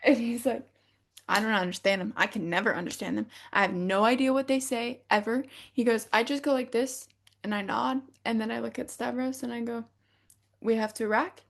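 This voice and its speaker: An American woman co-hosting a podcast speaks with a fairly high, gravelly voice at a moderate pace. In casual chat she tells stories animatedly, acting out what other people said and laughing often.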